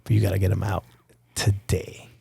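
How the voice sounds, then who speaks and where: A man's voice: sits low, completely flat delivery, normal speed, gravelly, dark tone, breathy edge, no room sound. A young man from Nicaragua, a podcast guest telling a personal story in a candid, profane, casual way. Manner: candid and profane, addresses host as dude and bro.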